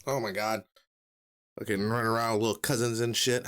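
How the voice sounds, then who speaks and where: A man's voice: fairly low pitch, steady tone, fairly quick, a bit bright. A male streamer reacting to a podcast, tossing slangy joking asides to his chat in a casual livestream.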